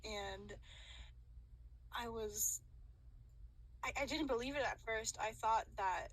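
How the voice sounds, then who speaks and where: A woman speaks in a somewhat high voice, stopping and restarting as she testifies in a playful mock trial held over voice chat. Her delivery is hesitant, with laughter kept just under the surface. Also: low-quality recording. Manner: hesitant, halting, stifling laughs. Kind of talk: casual role-play over voice chat.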